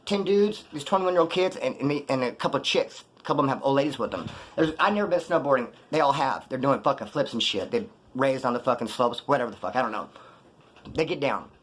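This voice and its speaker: A man's voice: mid-range voice, fast, husky. A young man telling a story in a casual monologue, full of slang and swearing, acting out what people said. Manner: profane slangy street talk, animated retelling. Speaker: vlogger telling prison and post-release stories.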